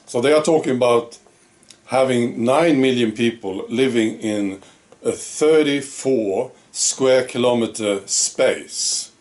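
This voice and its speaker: A man's voice: mid-range voice, takes it slowly, a little mellow. A man giving a casual monologue to camera as a video commentator, often tagging his statements with rhetorical questions.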